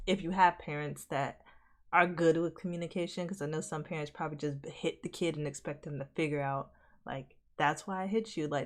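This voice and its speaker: Low-voiced woman streamer chatting casually. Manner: rambling, chatty storytelling. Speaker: streamer reacting to a video. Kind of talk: casual reaction-stream chat.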